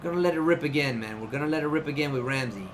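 A man giving live commentary on his own video game play, excitable and often frustrated, tossing in "man" and "yo" a lot. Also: medium pitch, racing, slight background noise. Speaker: gaming YouTuber.

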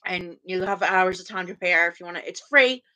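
In a small room at home, a woman streams her home workout, chatting casually to viewers and responding to the live chat. Her lowish voice is fairly quick, bright, and forceful, and she rambles and restarts her sentences often. The camera or phone recording has poor audio.

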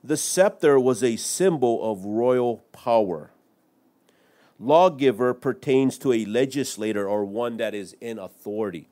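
A middle-aged man delivering a Bible-teaching sermon from the pulpit, walking through scripture verse by verse. He explains each verse in plain words and drops in the occasional aside, with a pitch that sits in the middle range. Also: unhurried, mellow. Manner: expository preaching with scripture citations and asides. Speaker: pastor.

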